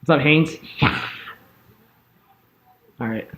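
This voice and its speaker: A young man calling a hockey game as an excitable fan streamer, yelling at big plays and chatting with viewers. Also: fairly high pitch, drawn-out words, highs cut off. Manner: yells and laughs at big plays, chats with viewers. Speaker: fan streamer doing live play-by-play. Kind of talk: excitable fan play-by-play commentary.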